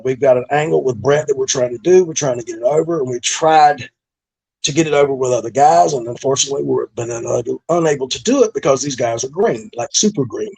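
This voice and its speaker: A man's voice: mid-range voice, vocal fry, darkish tone, slightly rough. A middle-aged man, a former pro wrestler, telling stories from his career in a laid-back, profane way, with lots of fillers. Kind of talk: casual storytelling interview.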